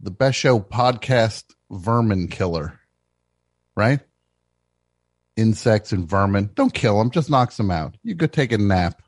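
Man, radio show host, brash riffing monologue, animated up-and-down voice, dry studio sound. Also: lowish voice, measured pace, no room sound. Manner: brash, riffing, swings between mock shouting and muttering.

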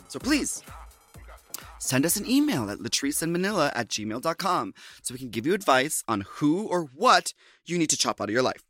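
A man's voice: on the high side, normal speed, faint music behind. A man from Minnesota hosting a podcast, chatting casually with frequent laughs. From USA, Minnesota. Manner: chatty, laughs often, animated asides. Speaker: podcast host. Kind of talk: casual chat.

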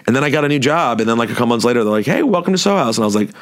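A man chatting casually on a podcast, animated and telling stories with acted-out voices. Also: mid-range voice, very fast. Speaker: podcast guest, radio host. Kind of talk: casual chat.

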